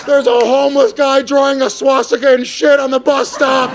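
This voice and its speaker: A shrill, panicked woman yelling for help into the night, put on by a man on a comedy stage. Her voice jumps high and loud, frantic and pleading, with a live crowd laughing around it. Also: flat delivery, normal speed, noisy background. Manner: shrill, shouting.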